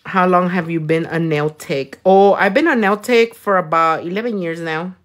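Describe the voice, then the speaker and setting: A woman's voice: on the low side, normal speed. Bilingual nail tech woman, playful. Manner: bilingual code-switching, crude and playful, frequent loud laughs. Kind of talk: casual livestream chat while doing nails.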